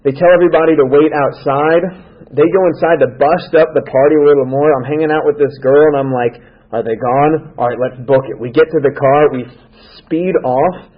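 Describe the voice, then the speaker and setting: A man's voice: on the high side, steady tone, a little fast. A man speaking at a recovery meeting, telling a humorous personal story and acting out his own dialogue in a wry way. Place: club meeting room. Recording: dull lo-fi meeting recording.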